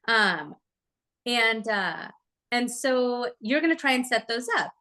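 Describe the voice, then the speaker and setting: A woman giving a live real estate training talk, chatty and lively, often asking the audience questions. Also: on the high side, takes it slowly. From Oregon, USA.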